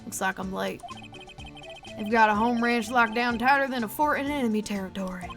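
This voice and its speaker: A woman's voice: fairly high pitch, brisk, faint music behind, lightly acted. A woman voicing a laid-back cowboy detective man with a put-on drawl, reading his game lines. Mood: folksy. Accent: put-on American cowboy drawl. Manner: easygoing, drawling folksy sayings. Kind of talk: reading game dialogue aloud.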